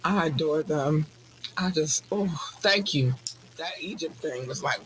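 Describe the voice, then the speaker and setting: A woman hosting a podcast in casual chat, bubbly and effusive, squealing with excitement. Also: sits low, moderate pace, slight background noise. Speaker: podcast host.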